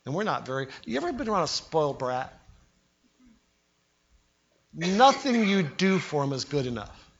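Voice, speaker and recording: A man's voice: fairly high pitch, big pitch swings, moderate pace, creaky, long pauses, lo-fi sound. An older man preaching a sermon as pastor, telling stories and acting out the quotes. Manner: storytelling preacher, acts out quotes with voices.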